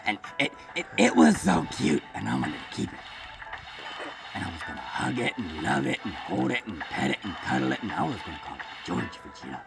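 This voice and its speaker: A man's voice: on the low side, huge pitch swings, brisk, gravelly, voice pushed down, exaggerated voice. A man voicing a dim, brutish alien warrior who rambles crudely and teases his partner like a child, over game music. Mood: childish. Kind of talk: improvised voice over gameplay. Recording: game music playing behind.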